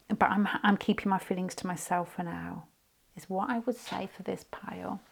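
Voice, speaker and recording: A woman in her fifties with a British accent, giving a casual, rambling tarot reading to camera, with side stories and quiet muttered asides. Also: medium pitch, steady tone, normal speed, creaky. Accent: British English. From United Kingdom. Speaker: tarot reader.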